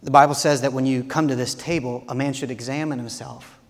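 A man preaching a sermon as a pastor, earnest, moving from quiet reflection to loud, impassioned appeals. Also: medium pitch, fairly even intonation, fairly quick, in a large hall.

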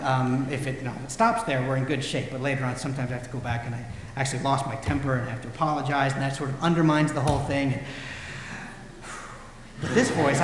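A man gives a sermon in a relaxed, storytelling manner, his voice sitting a little high. He is heard in a big hall that rings with strong, lingering echo. A faint hum of ambience sits under his words. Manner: conversational storytelling, acts out quotes. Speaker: pastor.

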